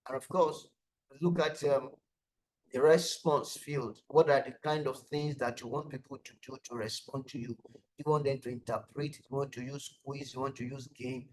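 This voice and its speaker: A man's voice: mid-range voice, fairly even intonation, moderate pace, poor audio. Male webinar presenter, mid-range voice, explanatory, repeats key points, video-call audio with light hiss. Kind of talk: online presentation lesson.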